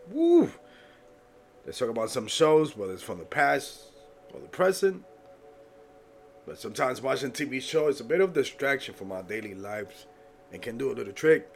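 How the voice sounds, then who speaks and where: A man with a stuffy nose hosts his podcast in loose, animated chat, tossing in jokes and sudden high whoops. His voice sits at a middle pitch, and faint music plays under it. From United States. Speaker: podcast host. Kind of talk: solo podcast talk.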